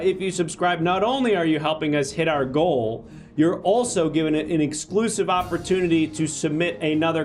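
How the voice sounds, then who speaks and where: A man playing a chatty courtroom judge who hosts a live comedy stream and thanks viewers. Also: on the high side. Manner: brisk, thanks viewers, reads chat. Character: male courtroom judge, chatty show host.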